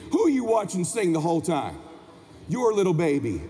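Male motivational speaker, very high and gravelly, preaching to a big convention hall with long reverb. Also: sing-song, fairly quick, mellow. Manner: impassioned, preaching to the crowd, asks the room questions. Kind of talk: motivational stage speech. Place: convention stage.

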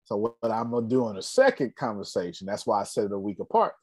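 A man's voice: fairly low pitch, very animated, fast talker, darkish tone, breathy edge, no room sound. Emphatic man telling stories, dry sound. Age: 40s. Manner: storytelling, laughs often, emphatic. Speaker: host. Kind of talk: casual business talk.

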